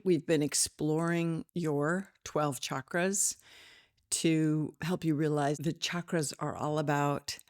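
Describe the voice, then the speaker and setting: A middle-aged woman with a low voice talks through her spiritual podcast, chatty and rambling with giggly asides. She sounds a little tired. The sound is dry and close, with no room echo. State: tired with slight headache. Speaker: podcast host and spiritual teacher. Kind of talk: casual spiritual podcast talk.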